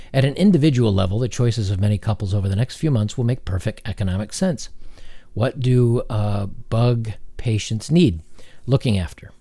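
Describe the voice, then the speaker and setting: Sarcastic low-voiced man reading aloud. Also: dark tone, no room sound. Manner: sarcastic, mocking, halting with fillers. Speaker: commentary channel host.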